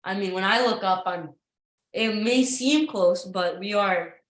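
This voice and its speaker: A woman's voice: mid-range voice, measured pace, echoey room, rough recording. A woman teaching an English lesson to a class, patient and encouraging, with frequent ums and uhs as she explains.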